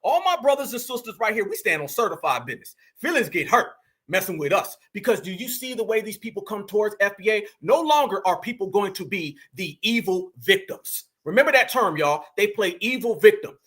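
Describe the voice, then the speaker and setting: A man's voice: high-pitched, very animated, brisk, fairly bright tone. A man hosting reaction commentary, talking animatedly, heckling and calling out to "y'all.". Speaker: commentary channel host.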